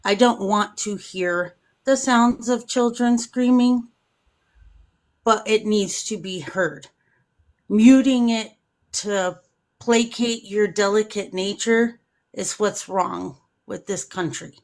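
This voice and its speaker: A woman's voice: mid-range voice, slow. A woman speaking as a guest in a casual discussion, earnestly addressing the audience directly.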